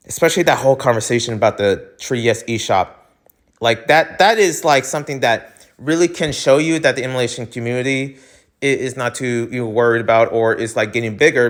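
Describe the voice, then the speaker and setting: A man from the United States hosting his own podcast, who rambles with lots of fillers and restarts and gets heated and emphatic. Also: mid-range voice. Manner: heated and emphatic when ranting. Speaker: podcast host. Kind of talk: solo podcast rant.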